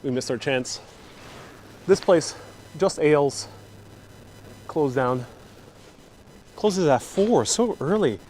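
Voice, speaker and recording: A man hosts a live walking-tour vlog outdoors. His voice sits on the higher side, and he talks to viewers in a loose, joking way. Faint street noise runs under him as he walks. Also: lively intonation, slow pace, pauses often, a little mellow. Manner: chatty, joking, addresses viewers directly. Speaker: travel vlogger host.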